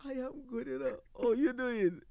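Speaking at normal speed, this Jamaican-accented radio host has a very high, warm voice with vocal fry, and there is no room sound. He banters in patois with callers, laughs a lot, and tends to repeat himself.

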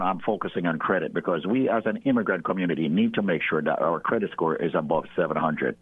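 A man lectures listeners emphatically, hammering his points home again and again. His voice is husky and comes through a thin, phone-like line. The sound is dry with no room behind it. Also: on the low side, no echo. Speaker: radio host and company owner. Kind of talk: sales pitch on the radio.

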